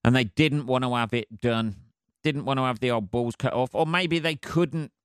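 Male podcast host, mid-pitched, sweary rambling monologue, dry sound. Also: moderate pace, smooth, no echo. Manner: rambling, heavy swearing, laughs at his own jokes. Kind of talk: casual solo podcast monologue.

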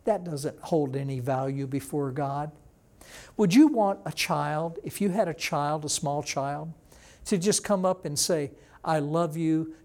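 A male pastor preaches a sermon as a story, slipping into the voices of the people he describes. His voice sits a little high for a man. The delivery is plain and conversational, like a teacher talking to a congregation. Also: darkish tone.

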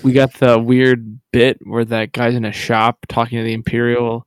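A man's voice: mid-range voice, completely flat delivery, normal speed, smooth. A man co-hosting a podcast who slips dry, sarcastic remarks into a casual conversation. His voice sits in a middle range for a man. The recording is close and dry, with no echo. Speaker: podcast co-host. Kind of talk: casual chat.

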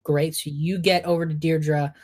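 Low-voiced woman running a tabletop game. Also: level tone, moderate pace, darkish tone, slightly rough. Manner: loose, hesitant, many fillers. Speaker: game master.

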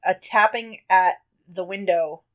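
A woman running a tabletop role-playing game, narrating scenes in a relaxed way with small fillers. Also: medium pitch, measured pace. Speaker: game master.

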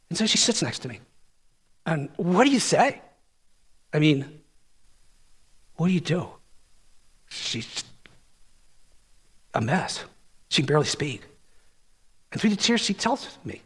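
Husky man preaching with lively swings. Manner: storytelling with lively pitch swings. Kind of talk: sermon.

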